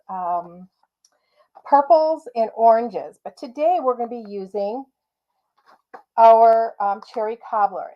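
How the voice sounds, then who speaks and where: A chatty woman walks through a card-making project at her craft table, thinking out loud as she goes. Her voice sits a little high, and the home recording sounds dull and lo-fi. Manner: chatty, thinks aloud, changes her mind mid-step. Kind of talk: casual crafting tutorial.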